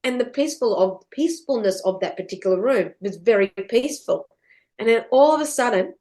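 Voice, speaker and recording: A middle-aged woman talks as a podcast guest in an animated, storytelling way. She swears casually and laughs often. Her voice sits a little high and swings widely in pitch. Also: brisk.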